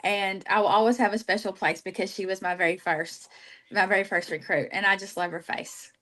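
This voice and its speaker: A woman speaks warmly and with feeling, telling stories about her team and her products. Her voice sits at an ordinary middle pitch in casual conversation. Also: steady tone, brisk. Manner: heartfelt, emotional, storytelling. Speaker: team leader, guest. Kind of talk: casual livestream chat.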